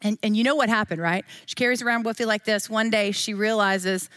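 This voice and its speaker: A woman's voice: mid-range voice, brisk, few pauses, a bit bright, dry recording, clean studio sound. Chatty woman teaching Bible study. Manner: chatty and playful, with frequent asides.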